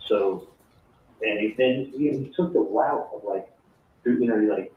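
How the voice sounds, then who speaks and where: A man's voice: lowish voice, a little slow, long pauses. A man rambling in a recorded conversation, repeating himself with lots of fillers. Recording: tinny distant phone tap, roomy, faint hiss.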